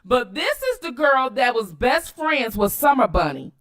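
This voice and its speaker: A woman hosting her own channel, giving loud, cussing commentary on video clips and talking straight to her viewers. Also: fairly high pitch, a little slow. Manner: animated, cussing, addresses viewers directly. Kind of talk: casual commentary while watching clips.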